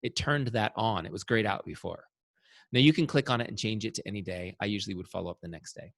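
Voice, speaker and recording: A man teaching an online sales training, coaching energetically and walking through software on screen. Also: lowish voice, quick pace, gravelly, no echo, studio quality.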